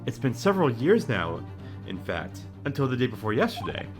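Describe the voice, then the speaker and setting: A player reading a game's composed young female legal assistant, polite and measured. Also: mid-range voice, big pitch swings, soft background music, natural voice.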